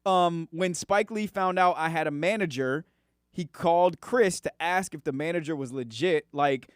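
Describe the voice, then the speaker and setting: A male podcast host with a slightly high voice chats loosely with his guest. He rambles and leans on fillers. The recording is dry and close, with no room sound. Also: moderate pace, clear, resonant tone, no room sound. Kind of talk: casual interview chat.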